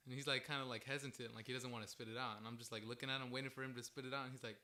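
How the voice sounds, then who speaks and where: A man's voice: medium pitch, fairly even intonation, rapid-fire, few pauses, sharp tone. A young man telling a story in a casual podcast chat, rambling with lots of "like" and frequent laughter. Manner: rambling, heavy use of "like", laughs often.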